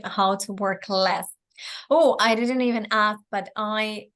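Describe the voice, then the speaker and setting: A woman's voice: mid-range voice, a bit bright. A woman business coach running a live online mentoring session, talking in a friendly, loose way with frequent hesitations and restarts, her voice tiring after a long stretch. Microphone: video call microphone.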